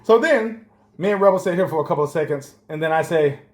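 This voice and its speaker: Man, high voice, animated storyteller, roomy echo. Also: quick pace. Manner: animated, laughs and jumps high in pitch at punchlines. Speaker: podcast co-host. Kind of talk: casual storytelling chat.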